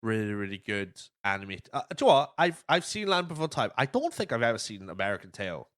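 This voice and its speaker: A man's voice: fairly low pitch, big pitch swings, fast, a bit bright, dry recording, studio quality. A man hosting a podcast, telling stories casually with lots of swearing and acted-out quotes. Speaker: podcast host. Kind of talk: casual chat.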